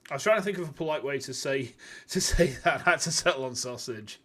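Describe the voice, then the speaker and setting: A man with a hoarse voice chatting casually as a streamer, rambling and self-deprecating. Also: medium pitch, a little fast, noisy background. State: hoarse, wrecked voice. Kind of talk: casual gameplay chat.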